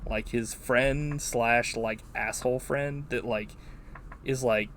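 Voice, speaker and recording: A man hosting a podcast, chatting casually and recounting a movie in a rambling, profane, animated way. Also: mid-range voice, a little slow, a little hiss or hum. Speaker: podcast host. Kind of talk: casual movie-review chat.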